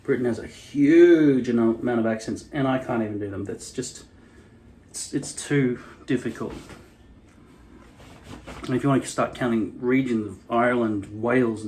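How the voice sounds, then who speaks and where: A man's voice: medium pitch, darkish tone. A man with an Australian city accent, hosting a hairpiece vlog in a rambling, wry, self-deprecating way. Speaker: hairpiece channel host. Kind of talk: casual vlog monologue.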